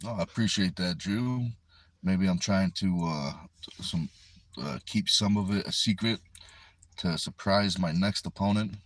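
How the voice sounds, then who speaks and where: A man's voice: low voice, a little slow, no echo. A man hosting a casual livestream from inside a car, talking into a phone propped on the steering wheel and reading viewer comments aloud in an easygoing, chatty way. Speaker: livestream host. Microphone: phone resting on the steering wheel.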